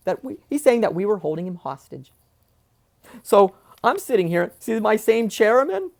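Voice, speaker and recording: A man's voice: sits high, big pitch swings, moderate pace, a little mellow. A man sits at home with headphones on and tells a family story straight into a close mic. He talks with heated indignation, firing off rhetorical questions, stumbling into repeats and swearing as he goes. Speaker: vlogger telling a family story. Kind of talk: agitated personal storytelling. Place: at home, seated in a chair. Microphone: wearing headphones, close mic.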